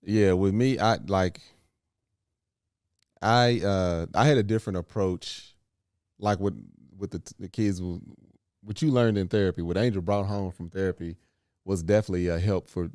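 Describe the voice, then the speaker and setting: A man's voice: sits low, fairly even intonation, normal speed, a little mellow, no echo, studio quality. A man co-hosting a podcast, talking in an easygoing, rambling way with many restarts. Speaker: podcast co-host. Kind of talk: casual chat.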